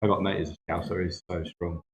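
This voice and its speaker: A man from England, near the Cotswolds, trades short, dry remarks in casual chat. His voice sits on the low side. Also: level tone, quick pace. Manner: dry, laconic quips. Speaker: tattoo client.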